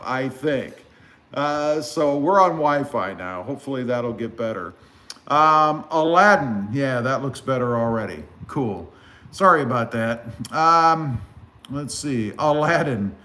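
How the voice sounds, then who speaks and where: Man from south texas, fairly high voice, relaxed rambling chat, phone mic. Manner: relaxed, rambling with many fillers. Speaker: car channel host. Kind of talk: casual livestream chat reading comments. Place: live stream over phone.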